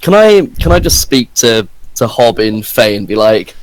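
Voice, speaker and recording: A man's voice: on the low side, big pitch swings, normal speed, background noise. A man playing a tabletop game, chatting persuasively in character. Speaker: player.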